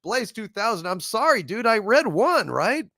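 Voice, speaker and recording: A man hosting a live-streamed show, reading viewer super chats in a rambling, chuckling way with drawn-out fillers. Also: high-pitched, big pitch swings, bright, forceful tone, no room sound, studio quality.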